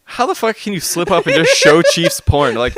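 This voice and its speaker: A man's voice: fairly high pitch, moderate pace, a little hiss or hum. A man from Canada, co-hosting a stream, telling stories in casual chat, laughing and acting out sounds. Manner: animated, laughing, mimics sounds. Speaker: stream co-host.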